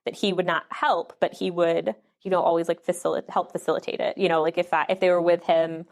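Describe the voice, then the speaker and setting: Chatty low-voiced woman. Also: fairly even intonation, a little fast, vocal fry, a little mellow. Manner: chatty, often laughing, acts out quoted speech. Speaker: podcast guest. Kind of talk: casual interview conversation.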